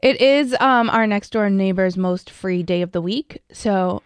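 A woman's voice: medium pitch, measured pace, clear, resonant tone, no room sound. Self-deprecating woman co-host, dry sound. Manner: laughs often, self-deprecating. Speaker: podcast co-host. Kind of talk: casual banter.

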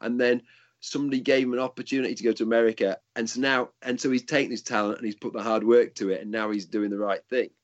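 A man's voice: medium pitch, steady tone, fast. Middle-aged guy coaching martial arts, rambly storyteller, bit lo-fi sound. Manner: rambling storyteller, restarts sentences. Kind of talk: casual chat.

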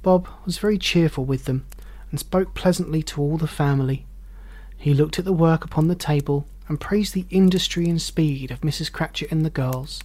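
A narrator reading a classic novel aloud with measured, expressive delivery and dramatic pauses. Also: medium pitch.

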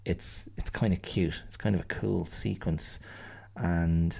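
A man's voice: low voice, steady tone, slow pace, gravelly, darkish tone, husky. A middle-aged Irish man hosting a solo podcast, musing in a rambling, wry way and often restarting his phrases. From Ireland. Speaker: podcast host.

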